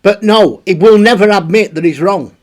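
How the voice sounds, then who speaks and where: A man's voice: sits high, moderate pace. A man hosting a casual, rambling commentary on online drama. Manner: rambling, blunt, with frequent restarts. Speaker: commentary channel host.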